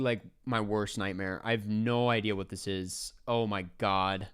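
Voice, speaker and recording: A man hosting, thinking aloud and swearing softly as he plays a geography guessing game, into a close desk mic. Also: lowish voice, normal speed, hardly any pauses, smooth. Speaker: podcast host playing a geography guessing game. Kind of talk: casual gameplay commentary.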